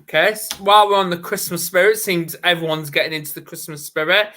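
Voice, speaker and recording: Bright-voiced Northern English male host. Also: high-pitched, fast. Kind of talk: live online interview, quick-fire questions.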